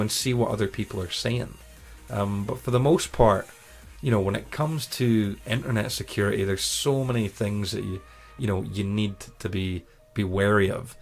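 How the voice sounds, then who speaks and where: A man giving an informal instructional talk on streaming safety, conversational and full of "you know" and quick self-corrections. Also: fairly low pitch. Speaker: streaming educator.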